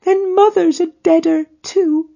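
A man voicing a grave, earnest little girl of about five who speaks in a high childish voice with folksy grammar. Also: steady tone, a little slow, creaky, warm tone, dull audio, exaggerated voice. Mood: grief-stricken.

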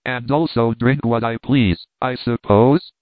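A man voicing a sharp-tongued, irritable young man who speaks with biting sarcasm. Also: mid-range voice, measured pace, no echo, close to an everyday voice. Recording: tinny phone-like line, dry.

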